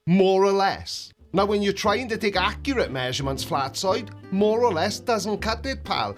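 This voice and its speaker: A man's voice: sits high, animated, normal speed, a bit bright, soft background music. A man hosting a reaction video, mocking and sarcastic in his commentary.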